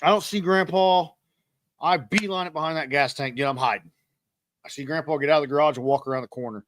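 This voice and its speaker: A man's voice: fairly high pitch, fast talker, background noise. A man, hosting a podcast and telling rambling, self-deprecating stories in a casual monologue. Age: 30s. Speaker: podcast host.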